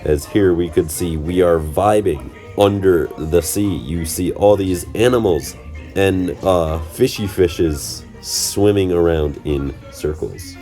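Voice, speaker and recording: Young male vlogger, low-pitched, loose joking voice-over with plenty of stumbles. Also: takes it slowly, warm tone, soft background music. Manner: rambling, jokey, self-correcting. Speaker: channel host. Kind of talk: casual vlog commentary over trip footage.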